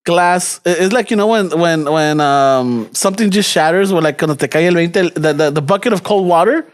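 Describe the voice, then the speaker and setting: A man with a Chicano English accent and a high voice spins a casual story for his podcast co-hosts. He acts out each side of the dialogue and swears freely, with Spanish slang mixed in. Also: a little fast. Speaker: podcast co-host. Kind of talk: casual chat.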